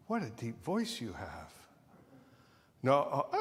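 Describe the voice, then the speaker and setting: A man's voice: medium pitch, huge pitch swings, takes it slowly. A male minister telling a playful story in a sermon, often correcting himself along the way. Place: church sanctuary. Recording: long reverb of a church hall.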